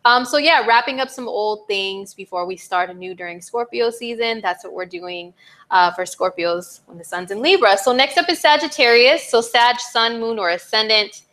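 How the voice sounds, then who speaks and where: A young woman astrologer giving a casual, chatty forecast to her viewers, animated, with playful exclamations and frequent fillers. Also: fairly high pitch, normal speed.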